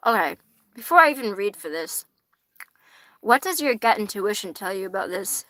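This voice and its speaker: Young woman, tarot livestream host, casual rambling chat, bright tone, dry close sound. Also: medium pitch, big pitch swings, normal speed, dry recording. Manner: chatty, rambling, swears casually, laughs often.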